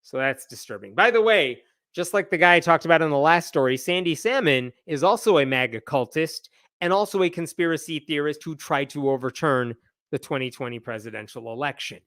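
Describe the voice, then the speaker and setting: A man hosts a live news roundup, reading passages aloud and adding wry, exasperated commentary. His fairly high, fairly bright voice has lively intonation and moves a little fast, and the studio sound is clean with no echo.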